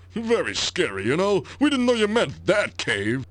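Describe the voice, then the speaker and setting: A man's voice: a little high, huge pitch swings, unhurried, fairly bright tone, no room sound, heavily acted. An actor playing a cheerful, joking male village drinker in a video game, with a bubbly, singsong manner. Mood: jovial.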